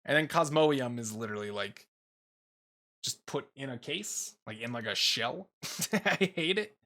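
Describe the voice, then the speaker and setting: A young man casually rambling through a tier list ranking, swearing freely and filling pauses with ums and uhs. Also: mid-range voice, lively intonation, bright, forceful tone. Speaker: YouTuber ranking Pokemon. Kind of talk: casual commentary while making a tier list.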